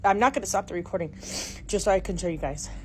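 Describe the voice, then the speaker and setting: A middle-aged woman films inside her house on her phone, speaking urgently and quickly to viewers in a medium-pitched, darkish voice. She sounds frightened and keeps dropping to whispers, and the phone video picks up clear background noise.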